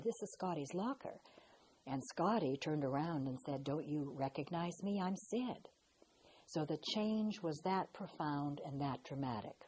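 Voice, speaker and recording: An older woman recalling her past in a slow, reflective way, pausing and restarting as she tells her story. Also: low-pitched, darkish tone, husky, poor audio. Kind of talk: personal recollection.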